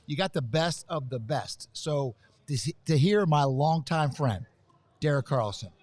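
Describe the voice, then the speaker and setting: Hyped-up guy talking fast at a hotel conference, kinda high voice, keeps saying man and fired up. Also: lively intonation, a little mellow, dry recording. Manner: pumped-up, rambling, repeats "man" and "fired up". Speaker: event guest. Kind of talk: excited live interview chat.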